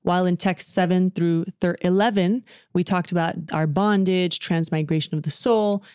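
A woman's voice: fairly low pitch, fairly even intonation, normal speed, a little mellow, clean tone, no room sound, clean studio sound. A woman co-hosting a casual scripture discussion, explaining and summarizing the text. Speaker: podcast co-host.

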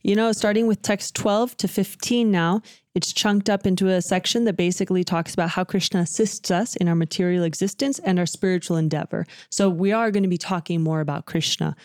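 A woman's voice: fairly low pitch, steady tone, brisk, darkish tone, no echo, studio quality. A woman co-hosting a casual scripture discussion, explaining and summarizing the text. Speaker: podcast co-host.

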